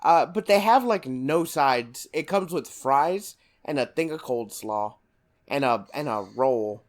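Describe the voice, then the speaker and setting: A man's voice: mid-range voice, animated, unhurried. A young man co-hosting a podcast in casual chat. He is enthusiastic, laughs easily and keeps calling his co-host "dude". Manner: enthusiastic, easy laugher, says "dude" a lot.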